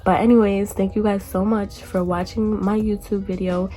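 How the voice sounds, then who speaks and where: A woman in her twenties chatting casually in a storytime vlog, acting out quoted people in a higher voice. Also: level tone, moderate pace, dark tone, faint music behind. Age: 20s. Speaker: vlogger.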